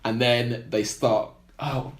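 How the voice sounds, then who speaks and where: A man's voice: medium pitch, fairly even intonation, takes it slowly. A man on a podcast, casually recapping a film plot in a rambling way full of "like" and "blah blah". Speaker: podcast co-host.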